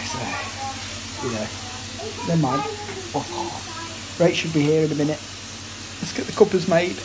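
Dad in his 30s vlogging his evening at home, chatty and laughy, noisy kitchen sound behind him. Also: fairly high pitch. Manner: chatty, cheerful, laughs often, sing-song with the kids. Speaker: family vlogger. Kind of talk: casual home vlog. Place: family home kitchen, indoors.

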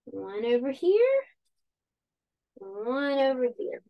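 A woman teaching a children's craft with chatty step-by-step instructions, then reading a picture book aloud with animated storytelling. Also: high-pitched, takes it slowly, lo-fi sound. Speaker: teacher hosting a kids' summer camp channel.

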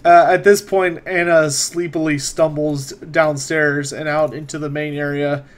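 A man's voice: fairly high pitch, flat delivery, unhurried. A man narrating a tabletop role-playing game as game master, with frequent hesitations. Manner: hesitant, many fillers and restarts.

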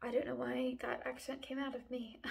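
A woman's voice: high-pitched, moderate pace, gravelly. A young woman chatting casually on her own channel about books she is reading, rambling with lots of fillers and restarts. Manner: relaxed, chatty. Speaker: book vlogger. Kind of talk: casual book review chat.

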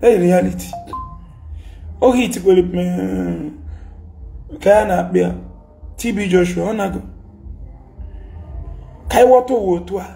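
A man's voice: sits high, moderate pace, creaky, long pauses, mellow, faint music behind. A Nigerian man with an Igbo accent, ranting and scolding in a heated social media monologue, mixing Igbo and English and repeating his points. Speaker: commentator.

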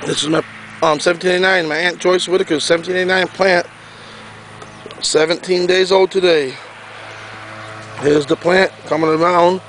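Walking through his pumpkin garden with a handheld camera, this grower rambles, repeats himself, and pauses often. His high, fairly bright voice keeps fairly even intonation at a normal speed, and the low-quality recording carries a little hiss or hum.

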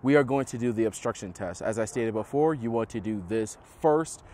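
A young man hosting a how-to tutorial outdoors on a house roof, explaining in a relaxed way with many fillers. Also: mid-range voice, fairly quick, slight background noise. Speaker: host of a setup tutorial. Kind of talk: casual how-to demonstration.

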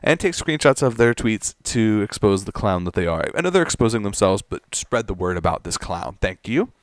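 A man's voice: fairly low pitch, sing-song, normal speed, no room sound, clean studio sound. A man ranting in commentary, exasperated and stammering, often repeating words as he reacts. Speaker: commentary YouTuber.

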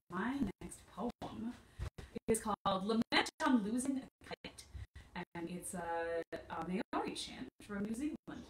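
A woman's voice: mid-range voice, roomy sound, a little hiss or hum, rough recording. A woman hosting a children's storytime, singing songs, reading poems and playing up sound effects. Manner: animated, sings and chants with sound effects.

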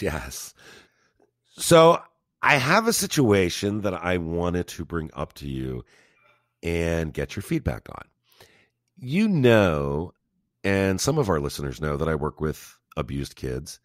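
A man co-hosting a podcast, chatting casually and telling stories with lively emphasis. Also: low-pitched, slow, dry recording, studio quality. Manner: animated, emphatic storyteller. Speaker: podcast co-host. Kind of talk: casual conversational chat.

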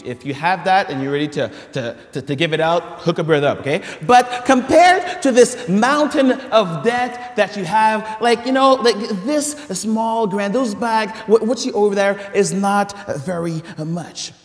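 A man preaching a sermon in a large church hall, animated and conversational, with stumbling restarts and asides to the congregation. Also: sits high, measured pace. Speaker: pastor.

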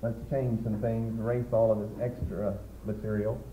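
A man's voice: on the low side, little pitch movement, normal speed, mellow, a little hiss or hum, low-quality recording. A man teaching a classroom lecture, explaining step by step with rhetorical questions, his voice dropping away as he turns to write on the board. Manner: voice drops away when turning to write. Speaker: Bible teacher.

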